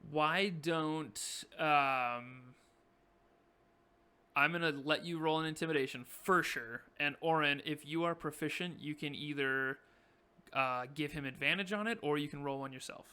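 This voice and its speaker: A man's voice: on the high side, unhurried, bright, forceful tone, smooth. A young man narrating a tabletop game as game master, casual and joking, laughing often.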